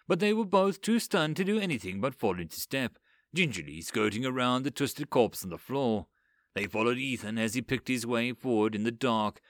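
A man reading a dark fantasy story aloud in an expressive, dramatic way. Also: medium pitch, no echo, clean studio sound. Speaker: narrator. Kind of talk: audiobook story narration.

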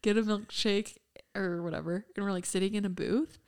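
A woman's voice: mid-range voice, steady tone, brisk, clear, resonant tone. A young woman co-hosting a podcast, telling a personal story in casual chat, full of fillers. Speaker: podcast co-host.

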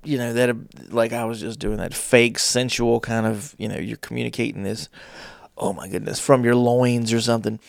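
Gravelly man talking with deliberate pauses. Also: medium pitch, fairly even intonation, dry recording, studio quality. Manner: deliberate pauses, playful put-on voices. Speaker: host. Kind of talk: casual advice talk.

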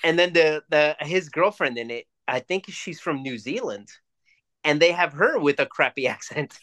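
A man co-hosting a podcast, chatting casually, swearing freely and ranting in quick bursts. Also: on the high side, expressive, a bit bright. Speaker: podcast co-host. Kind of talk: casual chat.

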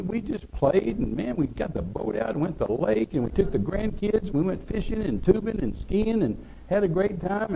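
An older man tells a long, rambling story from the pulpit, chuckling as he goes. His voice sits a little high for a man, with a gravelly edge and a dark, mellow tone. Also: slight background noise. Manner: folksy, rambling, laughing storyteller. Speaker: preacher. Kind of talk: sermon storytelling.

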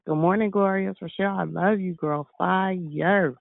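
A caller on a prayer line praises the morning's message with enthusiastic, preacherly energy. His gravelly voice comes through a thin phone line. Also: high voice, steady tone, a little slow, no room sound. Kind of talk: sharing on a prayer call.

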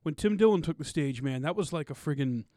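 A man in casual podcast chat, talking excitedly in slangy, loose phrasing. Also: fairly high pitch, a little fast, dry recording, clean studio sound.

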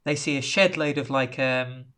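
A man's voice: mid-range voice, moderate pace, sharp tone. A man on a casual podcast, retelling a film's plot in a rambling way and acting out quotes. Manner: rambling storyteller, acts out quotes. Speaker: podcast co-host recapping a film. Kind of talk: casual chat.

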